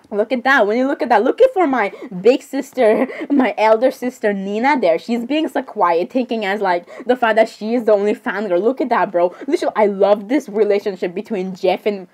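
A young woman giving excitable, dramatic casual commentary, often repeating exclamations and laughing. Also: mid-range voice, normal speed. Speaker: narrator voicing characters.

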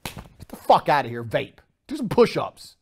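A man's voice: on the high side, sing-song, moderate pace, a little mellow, a little hiss or hum. A man ranting in a profane, boastful, mocking way in a monologue clip. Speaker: internet personality.

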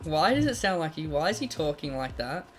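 A man doing casual, excitable gameplay commentary with friends in an online game. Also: fairly high pitch, fairly quick, over loud music. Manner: chatty, excitable, bursts into loud laughing outcries. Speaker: gaming YouTuber.

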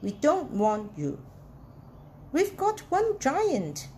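A woman reading aloud, voicing a crowd of wary village folk who call out together in a shouty way. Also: high-pitched, huge pitch swings, extremely slow, a little hiss or hum, heavily acted. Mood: hostile.

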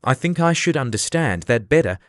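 Storybook girl, polite and a bit sharp, male narrator, dry close sound. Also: medium pitch, lively intonation, brisk, dry recording, natural voice. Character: curious, polite young girl Alice.

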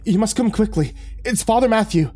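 A man's voice: high voice, brisk, darkish tone, pitched above the performer's own voice, natural voice. A man voicing a frantic young male priest who squawks in panic in a horror story reading. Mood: panicked.

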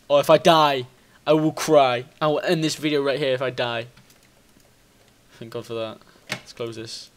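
A man giving casual gameplay commentary, excitable, thinking out loud, swearing and bursting into high squeals. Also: unhurried, a little hiss or hum. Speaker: gaming video host.

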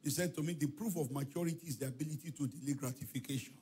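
A man's voice: a little high, very fast, slight background noise. A male pastor preaching a sermon in a church, telling stories with acted-out dialogue and chanted refrains. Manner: animated storytelling preacher, acts out dialogue, shouts and chants. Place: church hall.

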